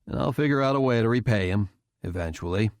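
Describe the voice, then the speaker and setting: A man voicing a furious retired general who speaks in a low, cold, threatening way. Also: lively intonation, fast, darkish tone, no echo, studio quality. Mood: matter-of-fact.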